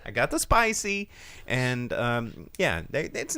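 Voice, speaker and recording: A man in casual chat on a live talk stream. His voice swings widely in pitch as he tells stories and acts out quotes from other people. The sound is dry and close. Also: slow pace, smooth, no room sound. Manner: animated storytelling, acts out quotes with big pitch jumps. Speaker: podcast co-host.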